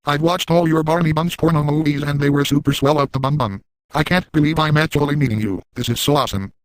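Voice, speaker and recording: A man doing a crude boastful lowlife, dry and flat. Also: fast, no room sound, close to an everyday voice, poor audio. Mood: smug. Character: crude boastful adult man, lewd and shameless. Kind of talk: first-person comedic storytelling.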